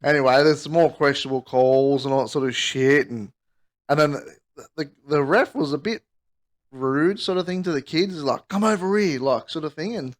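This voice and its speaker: A man, a podcast co-host, spins a rambling, sweary story in casual talk. His voice sits a touch high for a man, and he jumps higher still when he acts out quotes. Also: normal speed.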